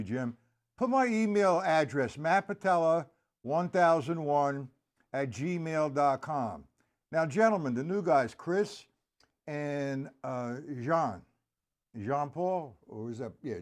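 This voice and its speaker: A man teaching a live-streamed drum lesson in a casual way. He greets viewers by name and counts beats aloud. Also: fairly high pitch. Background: drums and music.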